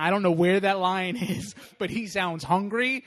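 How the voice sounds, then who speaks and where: A young man preaching a sermon with a slightly high voice. He talks casually and animatedly, telling stories and moving between loud bursts and quiet asides. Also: normal speed. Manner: casual, animated storytelling with laughs. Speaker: pastor.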